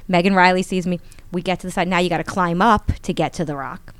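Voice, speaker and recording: A woman in her forties telling a personal story in a casual interview, animated and acting out the voices of others. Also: fast, clear, resonant tone, no echo. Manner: animated, acts out quotes with rising pitch. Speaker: guest.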